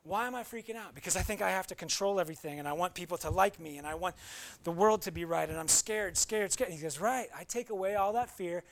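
A man delivers a sermon in a high, gravelly voice. He moves between talking plainly with his listeners and breaking out in sudden emphatic bursts, sounding earnest throughout. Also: fast. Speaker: pastor.

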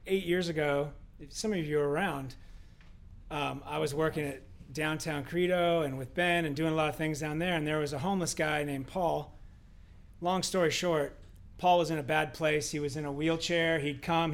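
A man co-hosting a casual faith discussion, telling a story in an animated way with rhetorical questions. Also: a little high. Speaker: co-host.

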